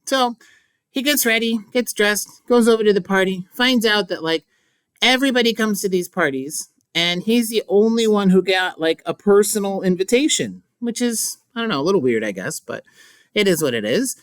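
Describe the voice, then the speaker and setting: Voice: medium pitch, animated, moderate pace, smooth, no echo. Chatty playful teacher, dry close sound, lots of "like". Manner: playful, mock-dramatic. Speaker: English teacher. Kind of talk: casual book recap.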